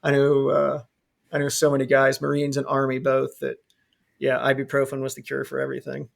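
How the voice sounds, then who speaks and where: A man hosting a podcast in casual chat, telling lively stories, swearing freely and laughing often. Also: medium pitch, a little fast, creaky. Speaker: podcast host.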